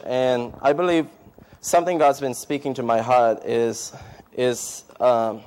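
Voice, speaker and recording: A man, a missionary, speaking at a church service, giving an emotional testimony and then starting a sermon, halting with many fillers and restarts. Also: mid-range voice, fairly even intonation, a little mellow, clean tone.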